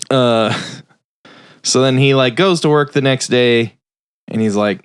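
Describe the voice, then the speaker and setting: Animated man retelling a film plot. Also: mid-range voice, clean tone, no echo, clean studio sound. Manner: animated retelling, quick voices for characters. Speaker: podcast host. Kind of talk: casual film recap.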